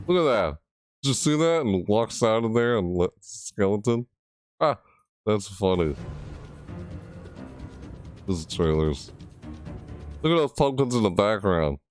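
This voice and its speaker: This low-pitched man rambles through casual reactions to a gaming video, thinking out loud in fits and starts and occasionally breaking into loud, screechy imitations.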